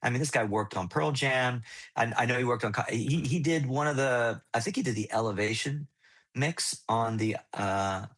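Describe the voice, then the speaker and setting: American man, animated casual podcast chat, swears freely, lots of restarts. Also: mid-range voice, normal speed. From United States. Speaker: guest musician.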